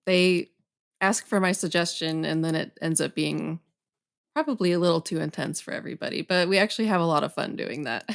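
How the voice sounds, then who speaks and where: Young adult woman, low-ish voice, loose podcast-guest chatter full of fillers. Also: a little fast, vocal fry. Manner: relaxed, many fillers like "um" and "like". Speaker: guest horror journalist. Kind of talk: casual podcast chat.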